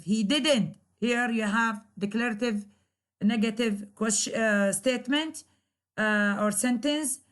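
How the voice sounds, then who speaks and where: Slow, high-voiced woman lecturer. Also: fairly bright tone. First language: Arabic. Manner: slow, hesitant, repeats key phrases. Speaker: English grammar lecturer. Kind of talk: recorded lecture.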